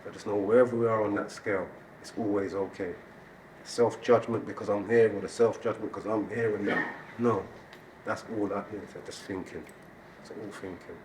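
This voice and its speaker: Man, stage speaker, animated storyteller, roomy hall, distant mic, audience noise. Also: lowish voice, normal speed. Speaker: event speaker. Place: event hall.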